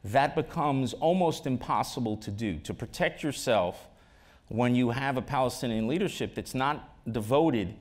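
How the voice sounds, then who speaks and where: A man in an onstage conversation, pressing his points with emphatic conviction and slipping in wry jokes. His pitch sits in an ordinary middle range for a man. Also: normal speed. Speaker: ambassador, interview guest. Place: auditorium stage.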